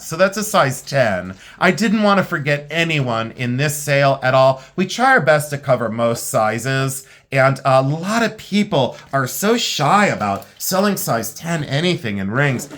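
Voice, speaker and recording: A tired middle-aged man talks through vintage pieces in a loose, rambling way, at an ordinary mid pitch. He sounds frank and plainspoken, owning up to being worn out. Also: fairly bright tone. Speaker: vintage jewelry seller. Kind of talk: casual sale preview chat.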